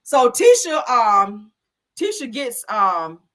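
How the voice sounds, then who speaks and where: Woman, host, sassy blunt recap, lively high voice. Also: slow pace. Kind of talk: casual reality show recap.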